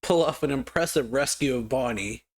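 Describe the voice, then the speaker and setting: A man's voice: mid-range voice, normal speed, close to an everyday voice. A man reading out the lines of a brash young male pirate cook, taunting.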